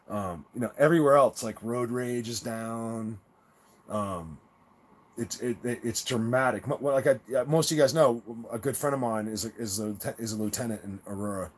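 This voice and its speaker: A man of ordinary pitch chatting loosely with his live-stream audience. He rambles from one story to the next, stumbling and repeating himself. His manner stays easygoing and friendly, and he laughs often at his own tales. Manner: rambling, with many restarts and stammered repeats; laid-back and chummy, laughing at his own stories. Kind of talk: casual live-stream chat with viewers.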